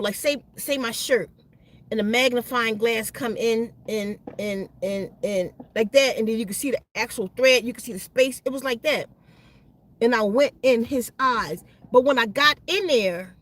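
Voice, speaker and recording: A woman with a high-pitched voice tells a personal story to her channel. Her speech is slangy and animated. She stumbles over and repeats words as she goes. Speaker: channel host.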